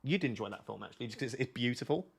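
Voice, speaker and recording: A man's voice: mid-range voice, lively intonation, racing, gravelly, breathy edge. A young man, chatting casually with viewers on a live stream, joking and thinking aloud as he reads their comments.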